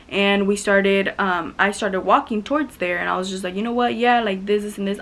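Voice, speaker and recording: A teenage girl telling a story to camera in a casual storytime vlog, acting out quotes with many fillers. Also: medium pitch. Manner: animated retelling, acts out quotes, many "like" fillers. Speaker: vlogger.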